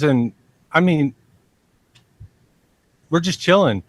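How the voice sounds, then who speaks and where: A man spins a long, meandering story as a podcast guest, looping back over his points and dropping the odd curse. He takes his time, drawing out his words at an unhurried pace. The sound is close and dry, with no room around it. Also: a little high, lively intonation, a bit bright, no room sound. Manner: rambling, repeats himself and curses freely. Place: lives near a large army base in Texas.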